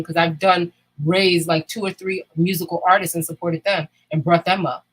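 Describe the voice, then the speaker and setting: A woman with a low, husky voice talks in a candid, casual chat. She is blunt and emphatic, and she swears freely as she makes her points. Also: steady tone, normal speed, rough recording. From United States.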